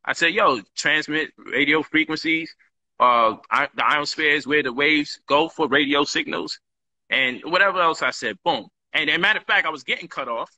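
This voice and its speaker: A man's voice: medium pitch, sharp tone. A man hosting a talk show, telling a story in a casual, streetwise way and acting out both sides of an argument.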